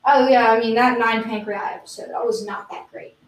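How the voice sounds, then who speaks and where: A fake British guest on an improvised comedy podcast, played by a woman, with no real accent and a rambling, deadpan manner. The voice sits fairly high. It sounds distant from the mic in a roomy space. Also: a little fast, close to an everyday voice. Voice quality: plain American-sounding voice. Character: self-proclaimed British guest, not convincing.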